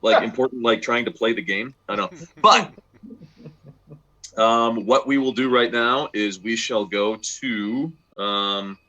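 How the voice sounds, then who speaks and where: A man's voice: mid-range voice, takes it slowly, sharp tone, dull audio. A man running a tabletop game as game master, narrating and explaining in a loose, chatty way with many fillers and restarts.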